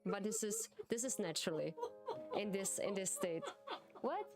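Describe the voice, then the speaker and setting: A woman streamer with a German accent, a native German speaker chatting casually in English, giggly and halting, often repeating words. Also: medium pitch, huge pitch swings, over music. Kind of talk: casual live-stream chat.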